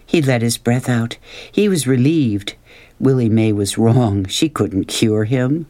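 Man narrator for an audiobook: measured, unhurried storytelling, plain reading voice. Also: mid-range voice, mellow. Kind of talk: scripted narration.

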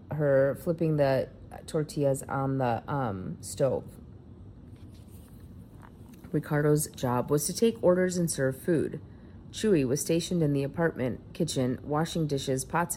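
A woman's voice: sits low, a little slow, dark tone, a little hiss or hum. A woman reading a feature article aloud in a plain narrating delivery.

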